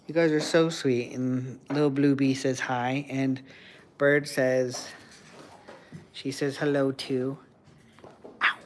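A man hosting a casual stream, chatting with viewers and talking to his pet birds in soft, doting baby talk. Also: medium pitch, level tone, takes it slowly, pauses often, slight background noise. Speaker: livestream host with pet birds. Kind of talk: casual chat with pets and viewers.

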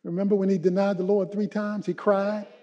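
A male pastor preaching a sermon, moving from hushed, slow Bible teaching to shouted, rising exhortation. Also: high-pitched, flat delivery, dull audio. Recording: long hall reverb.

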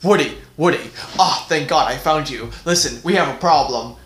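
A man's voice: fairly high pitch, normal speed, fairly bright tone, reverberant, slight background noise. A man voicing a well-meaning, bumbling chef in a puppet show who rambles and trips over his words. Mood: goofy.

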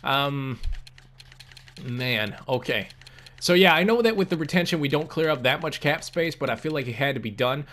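A young man casually commenting on a sports game as he plays, animated, swearing often and repeating himself. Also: medium pitch, normal speed. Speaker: gaming YouTuber.

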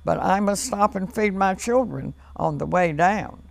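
A woman's voice: mid-range voice, expressive, unhurried, gravelly, darkish tone, no echo. A woman reading a cheerful mother squirrel. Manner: cheerful, obliging.

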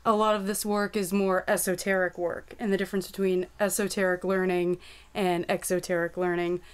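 A woman's voice: fairly low pitch, little pitch movement, a little fast, smooth. A woman joining a casual discussion, explaining a point thoughtfully. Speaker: group member in discussion.

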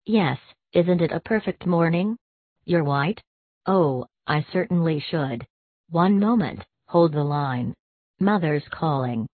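A woman reading an audiobook voices an eager young upper-class woman chatting brightly on the telephone. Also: low-pitched, lively intonation, slow pace, no echo, phone-quality sound, heavily acted. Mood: chatty.

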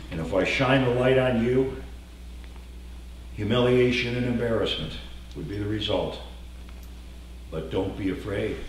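A man preaching a sermon, swinging from loud, raised passages to quiet, intimate ones. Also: fairly low pitch, slight background noise. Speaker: pastor. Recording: echoey room from far off.

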